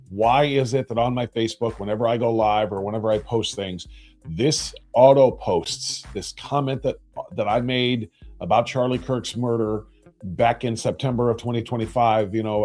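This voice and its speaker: A man's voice: fairly low pitch, a little mellow. A man hosting a live talk show, chatting casually with his viewers and reading their comments aloud in a rambling, self-deprecating way.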